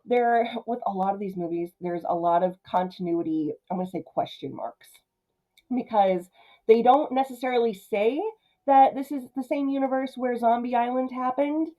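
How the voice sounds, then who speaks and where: A woman's voice: a little high, mellow, low-quality recording. Chatty woman reviewing a cartoon movie. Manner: chatty, jumps into quick character voices. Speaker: film reviewer. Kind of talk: casual commentary.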